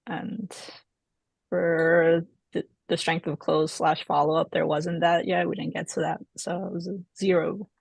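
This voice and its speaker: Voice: mid-range voice, flat delivery, unhurried, vocal fry, slightly rough, no echo. A person hesitantly reading out scores and feedback on a sales call, with lots of fillers. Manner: hesitant, many fillers and likes.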